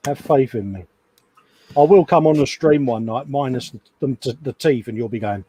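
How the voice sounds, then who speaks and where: A man's voice: mid-range voice, very animated, unhurried, pauses often, mellow, husky. A man with a Cockney accent co-hosting a casual live stream, teasing and trading banter. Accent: London Cockney. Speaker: co-host.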